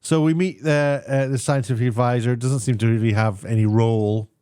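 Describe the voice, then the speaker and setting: A man giving a casual spoken TV review, sarcastic and meandering, often pausing to search for words. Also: medium pitch, steady tone, warm tone, clean tone, no echo, studio quality.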